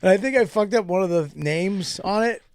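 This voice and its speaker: Man, forties, profane laughing storyteller; slightly high pitch, dead-dry sound. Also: moderate pace, darkish tone, dry recording. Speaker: podcast co-host. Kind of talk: casual chat.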